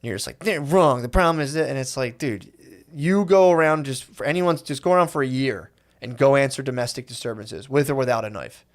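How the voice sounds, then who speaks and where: Fast-talking, profane man co-hosting a podcast, riffs loosely and acts out scenes. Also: mid-range voice. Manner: rambling and profane, acts out scenes with quoted voices. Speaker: podcast co-host. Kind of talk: casual chat.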